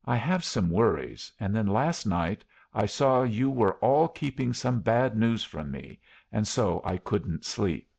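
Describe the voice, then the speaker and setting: A man's voice: fairly low pitch, lively intonation, slow pace, creaky, hardly any pauses, a little mellow, breathy edge, exaggerated voice. A man reading the lines of an anxious, earnest young woman who pleads and reproaches in a story, raising his voice for her.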